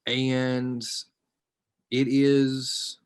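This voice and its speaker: A man speaking as a social work student on a panel, giving personal testimony in an online group discussion. He is hesitant and reflective, and his voice often trails off quietly. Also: medium pitch, completely flat delivery, drawn-out words, clear, resonant tone.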